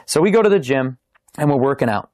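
A young man, a podcast guest, telling his faith testimony in a casual, animated way, acting out the lines of the people in his story. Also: mid-range voice, fast talker, dry recording, studio quality. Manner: animated, acts out quoted dialogue.

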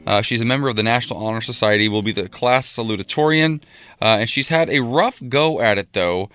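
A man's voice: mid-range voice, brisk, fairly bright tone, smooth, faint music behind. A man hosting a radio show, chatting casually with a co-host and telling upbeat stories. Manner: easygoing, upbeat storyteller.

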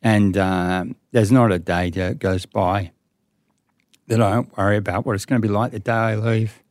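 A man in his sixties with an Australian accent, a guest telling casual stories in an interview. He is a lively storyteller. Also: normal speed, no echo, studio quality. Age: 60s. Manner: lively storyteller who acts out other people's lines with big pitch leaps.

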